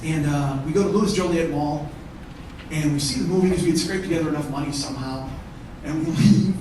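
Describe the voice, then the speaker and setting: A man doing stand-up comedy, telling a profane story and shouting out the heated parts. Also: on the high side, a little fast, a little hiss or hum. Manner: profane, escalates to shouting in acted-out arguments. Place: theatre stage before a live audience. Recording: echoey theatre, mic at a distance.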